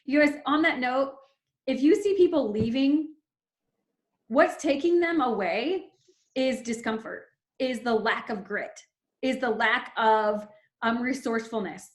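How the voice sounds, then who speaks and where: A woman's voice: fairly high pitch, unhurried, roomy sound. A woman in her thirties leading a team call, giving an emphatic, fervent motivational pep talk. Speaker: team leader.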